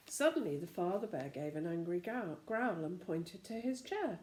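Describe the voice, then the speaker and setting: A woman narrating a children's storybook aloud with an expressive reading manner. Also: lowish voice, moderate pace. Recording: roomy echo.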